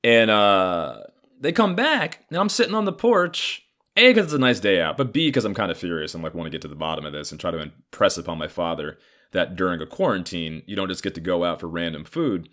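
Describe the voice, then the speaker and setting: Deep-voiced man telling a heated story. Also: animated, brisk, fairly bright tone. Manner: profane, heated, acts out others' lines. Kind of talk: casual storytelling monologue.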